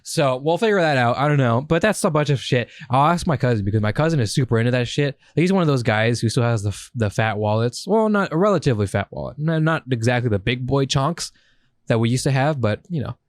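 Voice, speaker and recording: A young man co-hosting a casual podcast, swearing and telling stories in an animated way. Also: mid-range voice, fast talker, no room sound, clean studio sound. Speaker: podcast co-host. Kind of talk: casual chat.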